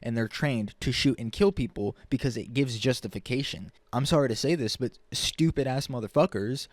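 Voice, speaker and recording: A man with an average-pitched voice delivers a furious rant straight to camera. He swears often and repeats himself as the anger builds. The sound is dry, with almost no room echo. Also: moderate pace. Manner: heated, profane, repetitive. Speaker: vlogger. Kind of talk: angry political rant to camera.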